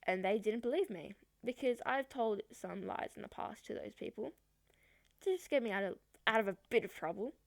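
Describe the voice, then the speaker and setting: A woman's voice: medium pitch, normal speed, vocal fry, dry recording, studio quality. A woman vlogger telling a personal story in a chatty, rambling way, with many fillers. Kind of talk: storytime vlog.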